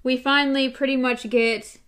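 A woman's voice: high-pitched, fairly even intonation, normal speed, a bit bright. A woman host casually recapping a book and reading passages aloud. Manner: recaps chattily with fillers.

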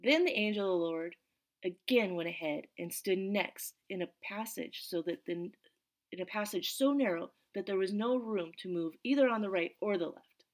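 A woman reads scripture aloud and stops to chat about it in a casual, animated way. Her voice sits at a middle pitch, and she keeps checking in with her listeners as she teaches. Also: moderate pace. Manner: chatty, animated, full of "like" and "right?". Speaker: Bible study teacher. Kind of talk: casual Bible lesson.

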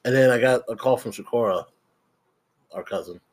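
Young male co-host, casual storyteller, animated delivery with voiced-out quotes. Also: medium pitch, normal speed. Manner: animated storytelling, acts out quotes, swears freely. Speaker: podcast co-host. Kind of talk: casual chat.

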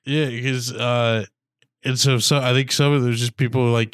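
A man's voice: medium pitch, fairly even intonation, normal speed, clean tone, no echo, studio quality. A young man in casual chat who tells stories and jokes crudely, with lots of fillers. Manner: crude joking, filler-heavy.

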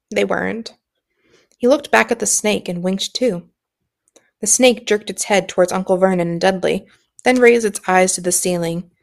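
A woman reads a novel aloud in a steady, even storytelling manner. Her pitch sits at an ordinary middle height for a woman. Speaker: audiobook reader.

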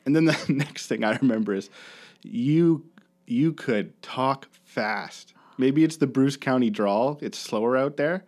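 A man's voice: medium pitch, unhurried, darkish tone. A Canadian man in his thirties, chatting casually and laughing often as he looks back on his college days. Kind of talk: casual chat.

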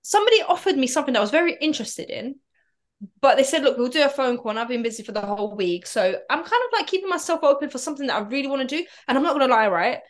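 Fast-talking chatty woman. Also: high-pitched, lively intonation. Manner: chatty storyteller, lots of "like" and "right?". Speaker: podcast guest. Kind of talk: casual chat.

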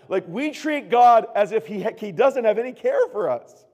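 A man preaching a sermon as pastor, earnest, moving from hushed tones to loud emphatic bursts. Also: sits high, animated, normal speed, hardly any pauses. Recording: long reverb of a large room.

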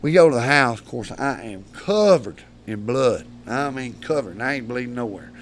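A rough-spoken man telling long, rambling tales in a casual studio chat. His voice sits at an ordinary middle pitch, and a faint hum hangs behind him. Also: animated, normal speed. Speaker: podcast guest, predator hunter. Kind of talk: casual storytelling.

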